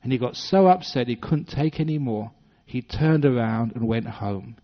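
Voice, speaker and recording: A man's voice: mid-range voice, normal speed. An English man in his sixties, a Buddhist monk telling a story with humor during a dharma talk, putting on little voices for the characters. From British-born, based in Western Australia. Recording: dull lo-fi talk recording.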